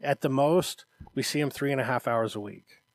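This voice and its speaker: A man's voice: mid-range voice, moderate pace, dry recording. Earnest male podcast host, dry close mic. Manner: earnest and encouraging, acts out parents' voices, often adds "Okay?". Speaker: martial arts instructor and podcast co-host. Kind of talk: casual podcast chat.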